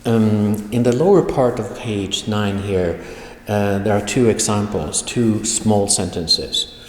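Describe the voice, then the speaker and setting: Low-voiced guy teaching a language class online, super slow, repeats phrases, echoey room with a long tail. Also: slight background noise. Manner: slow, deliberate, repeats example phrases for pronunciation. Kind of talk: online video lecture.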